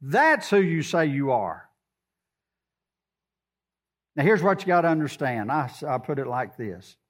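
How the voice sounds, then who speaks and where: A man preaching with a high voice and a drawl. He quotes scripture and talks to the congregation in a loose, conversational way. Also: sing-song, unhurried. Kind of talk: sermon.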